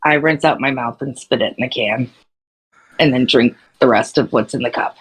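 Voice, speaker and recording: A woman playing in a tabletop game, chatty and quick to laugh as she describes her actions. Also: extremely low pitch, fairly bright tone, breathy edge, poor audio. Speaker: player. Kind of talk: casual tabletop game play.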